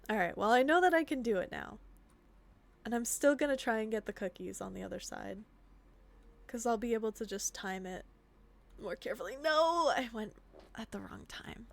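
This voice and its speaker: A woman's voice: a little high, vocal fry. A young woman streamer giving casual commentary while she plays a game, talking to herself and dropping to a whisper in the tense moments. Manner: talks to herself while playing, drops to whispers when sneaking.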